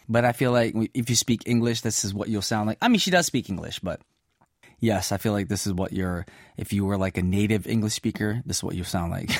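A man's voice: mid-range voice, no echo. Chatty male radio host, dry studio sound. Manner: chatty and playful, with many "mm-hmm" and "y'all" asides. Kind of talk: casual radio show chat.

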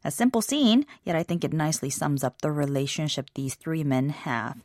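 A woman hosting a scripted language lesson, explaining phrases in a measured way and slowing down on key words. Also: sits low, animated, a little mellow, dry recording, studio quality.

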